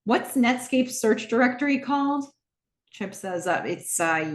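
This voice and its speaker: A podcast host casually recaps a TV episode, retelling scenes and acting out characters' lines in shifting voices. She's lively and amused, laughing often. Her voice is on the high side at a moderate pace, with a reverberant sound.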